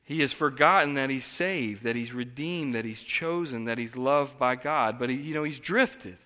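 A man preaching a sermon in an earnest, conversational way, moving between quiet reflection and emphatic outbursts, in a church. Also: mid-range voice, moderate pace, long reverb tail. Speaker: pastor. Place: church sanctuary.

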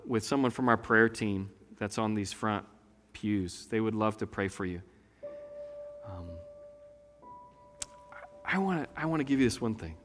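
A man preaching a sermon as pastor, earnest and slow, dropping to hushed tones at times. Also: lowish voice, in a large hall. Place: church sanctuary.

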